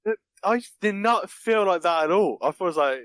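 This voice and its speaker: A man's voice: high voice, animated, brisk, a bit bright, no room sound. A man chatting casually on a podcast, laughing often and acting out movie lines in mock voices. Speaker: podcast guest reviewing a film. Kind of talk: casual chat.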